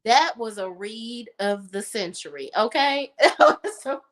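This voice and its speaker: A woman with a DC accent co-hosting a casual commentary chat, blunt and animated, swearing freely. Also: a little high, unhurried. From Washington, D.C. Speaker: podcast co-host.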